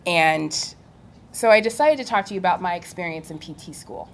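A young adult woman on a live panel, telling her story in an animated way and laughing often. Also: on the low side, normal speed. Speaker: physical therapist on a panel.

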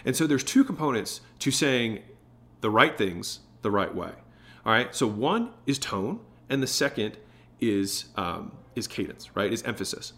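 A man gives solo advice on his podcast about closing sales. He keeps checking in with "right?" and demonstrates emphasis by slowing down, dropping low, or speeding up with excitement. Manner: shifts tone and pace to demonstrate emphasis; frequent "right?" tag questions. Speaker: podcast host. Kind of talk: solo business talk to camera.

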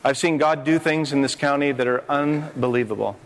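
A man's voice: medium pitch, fairly quick, a little hiss or hum. An older man preaching on a conference stage, impassioned, with rising emphatic phrases. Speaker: pastor. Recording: long hall reverb.

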